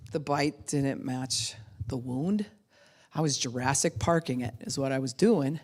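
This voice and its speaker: Low-voiced woman pastor preaching animatedly. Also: unhurried. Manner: animated, conversational preaching with acted-out quotes and laughter. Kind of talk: sermon.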